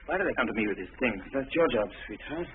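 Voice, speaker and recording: An actor playing a brisk, teasing and impatient upper-class husband in an old film. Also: male voice, medium pitch, animated, heavy background noise, lightly acted. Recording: narrow, lo-fi old film soundtrack with music.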